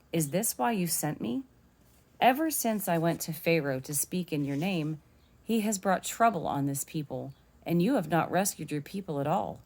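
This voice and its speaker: A woman giving a devotional teaching, walking gently and earnestly through scripture step by step. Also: low voice.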